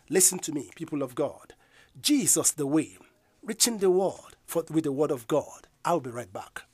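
A man preaching a fiery sermon, emphatic and repetitive, building to loud proclamations. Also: on the high side, expressive, moderate pace, breathy edge. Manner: emphatic, repeats declarations, rises to loud proclamations.

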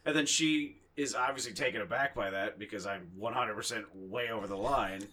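A young man co-hosting a casual podcast, his voice sitting a little low but coming across bright and forceful. He rambles through profane, self-mocking stories in loose chat. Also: a little fast. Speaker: podcast co-host.

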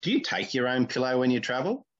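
A podcast host, a man, talks in a blunt, crude, opinionated way at a mid pitch. His audio sounds dull and lo-fi. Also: sing-song, quick pace. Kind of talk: casual chat.

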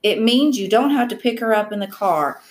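A woman's voice: mid-range voice, animated, normal speed, natural voice. A woman reading aloud as a stern, exasperated but teasing father.

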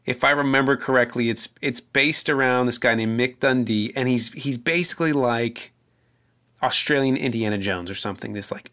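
A man's voice: medium pitch, bright, forceful tone. A man, a pastor, giving a conversational sermon, telling stories with small restarts and then reading scripture aloud.

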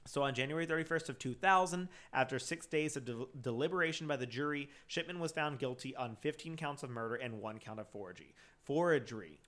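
A man's voice: medium pitch, fast talker, few pauses, fairly bright tone. A man co-hosting a casual podcast, retelling a crime case from his notes with plenty of fillers and restarts. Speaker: podcast co-host.

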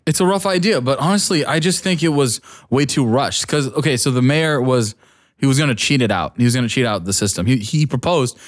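A man's voice: mid-range voice, expressive, brisk. A man in casual conversation who rambles and gets worked up, often restarting his sentences. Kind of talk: casual chat.

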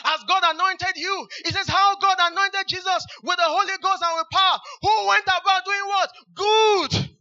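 A man's voice: very high-pitched, fairly even intonation, moderate pace, few pauses, pushed and bright, lo-fi sound. A man preaching a fervent sermon, repeating hallelujah between Bible verses.

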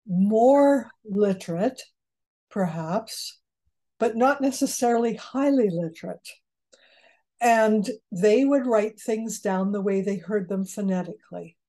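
Older lady chatting in an interview, mellow voice, laughs at her own jokes. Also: mid-range voice. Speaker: genealogist guest. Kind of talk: conversational interview.

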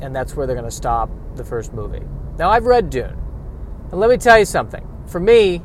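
A man hosting a solo comedy podcast from his car, wry and self-deprecating, breaking into loud exasperated rants. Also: a little high, big pitch swings, brisk, slight background noise. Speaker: podcast host. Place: in a car while driving and parking.

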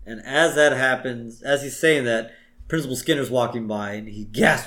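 A man co-hosting a podcast, casually retelling cartoon scenes and jumping into high voices for quoted lines. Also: normal speed, sharp tone. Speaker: podcast co-host recapping an episode. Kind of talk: casual chat.

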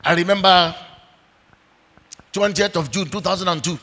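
A man's voice: sits high, normal speed, bright, forceful tone. A man, a pastor preaching a sermon with animation and acting out the dialogue of a story. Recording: echoey hall with long reverb.

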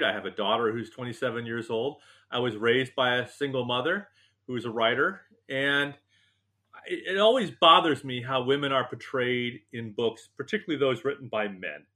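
A male author recounts anecdotes with animated, joking self-deprecation. His voice is bright and forward. He talks at an average pitch for a man. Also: moderate pace. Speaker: novelist and TV writer, guest. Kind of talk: interview, anecdotal storytelling.

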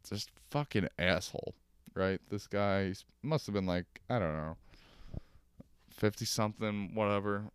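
Profane ranting podcast man, smooth low voice. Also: no room sound, clean studio sound. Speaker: podcast host. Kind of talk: solo comedic podcast rant. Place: at home on a couch.

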